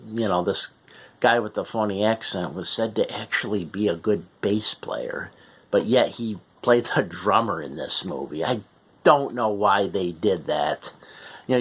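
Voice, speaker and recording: A man's voice: on the low side, a bit bright. A man giving a casual, rambling movie review with many fillers, often chuckling as he talks.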